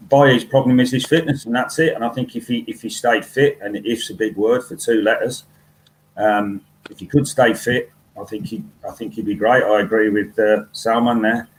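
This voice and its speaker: A man's voice: lowish voice, a little hiss or hum, rough recording. A man on a fan podcast panel who talks bluntly and wryly, with frequent fillers. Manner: blunt, wry, with many fillers.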